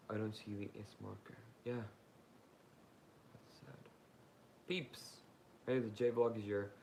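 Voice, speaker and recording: A young man hosts a casual live Q&A, rambling through viewer questions with plenty of fillers. His voice sits a bit low with a gravelly edge, and a faint hiss hangs under it. He keeps asking his audience directly how things sound. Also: steady tone, slow, pauses often, darkish tone. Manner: rambling and informal, with frequent fillers; talks straight to viewers, asking them questions. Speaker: YouTuber hosting a live Q&A. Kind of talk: casual livestream chat, answering viewer comments.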